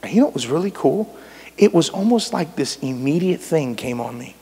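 A male pastor preaches in a high voice that rises to near shouts and drops to quiet asides. His delivery is conversational and animated, like talking straight to the congregation. The sound carries a long church reverb. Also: a little fast, breathy edge. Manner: animated and conversational, swings between loud and soft. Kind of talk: sermon. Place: church sanctuary.

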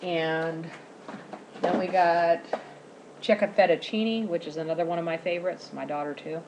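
A woman's voice: lowish voice, steady tone, normal speed, background noise. A woman, chatting casually to camera as she shows off her groceries at home. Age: 40s. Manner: chatty, rambling, giggly. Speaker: vlogger showing a grocery haul.

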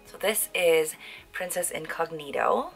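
Young female beauty vlogger with a lower-leaning voice, bubbly and gushing, lots of "like". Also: measured pace, faint music behind, rough recording. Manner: bubbly and gushing, heavy use of "like". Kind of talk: casual makeup review. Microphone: on-camera mic.

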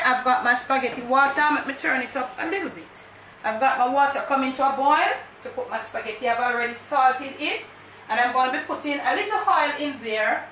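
Jamaican woman, home cooking vlog, chatty, patois, fairly high voice, roomy kitchen echo, faint background noise. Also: pushed and bright, far from the mic. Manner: chatty and direct, mixing in patois. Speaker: cooking channel host.

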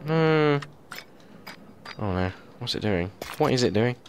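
A young man giving casual, excitable commentary as he plays a game and thinks aloud into a mic held very close to his mouth. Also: on the low side, fairly quick, slight background noise. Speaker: gameplay video host.

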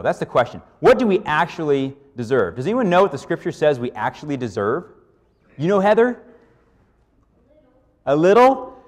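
A male pastor delivers a lively, conversational sermon in a church, his pitch rising and falling with animated swings. He keeps pausing to check in with the room, and a long hall reverb trails after his words. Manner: lively, checks in with "okay?" often.

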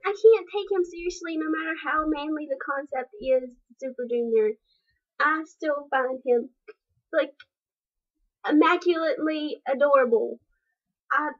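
A young woman chatting casually as she reacts to a music video, gushing and giggly, breaking into squeals now and then. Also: high voice. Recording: dull lo-fi webcam sound.

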